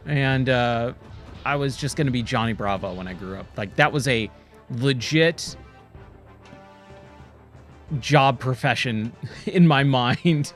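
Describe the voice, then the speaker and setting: A man in his forties streaming a game, rambling casually and nostalgically, full of "dude" and quick excited asides. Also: medium pitch, soft background music. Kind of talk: casual gameplay commentary. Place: home, playing a VR game.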